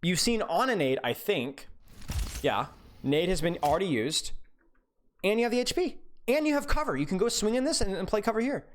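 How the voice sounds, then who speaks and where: A man's voice: high voice, expressive, fairly quick, a little hiss or hum. Guy coaching over a replay, blunt, kinda exasperated, voice jumps around a lot, faint clicking behind. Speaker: game coach reviewing a player's replay. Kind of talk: live-streamed replay review.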